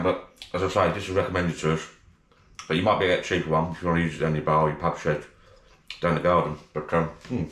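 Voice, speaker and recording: Deep-voiced man, cheerful kitchen chatter. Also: a bit bright. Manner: chatty, jokey, talks while eating. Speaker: vlogger. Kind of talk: casual cooking vlog. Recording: echoey room.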